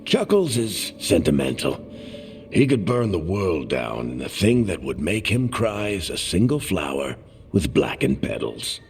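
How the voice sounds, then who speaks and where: A wry dwarf storyteller. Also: male voice, deep voice, sing-song, a little slow, a little mellow, slight background noise, heavily acted. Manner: dry, teasing and fond. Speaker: companion character. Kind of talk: video game dialogue.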